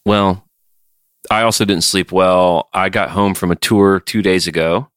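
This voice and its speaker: A man's voice: deep voice, fairly even intonation, unhurried, smooth, dry recording, clean studio sound. A man co-hosting a podcast in casual chat, telling wry stories with some swearing. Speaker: podcast co-host, touring musician.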